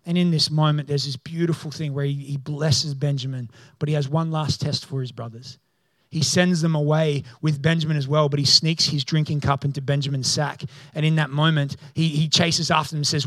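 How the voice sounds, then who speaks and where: Pastor, male, lively storytelling sermon voice, a little high, dry close sound. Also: fairly quick, hardly any pauses, no room sound. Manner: storytelling preacher, voices the figures, turns loud and excited.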